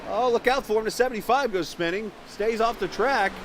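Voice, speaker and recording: A man commentating a virtual stock car race live, chatting with viewers and getting excited when cars run into trouble on pit road. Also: sits high, brisk, a little hiss or hum. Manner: chatty, reads viewer chat, gets excited at incidents.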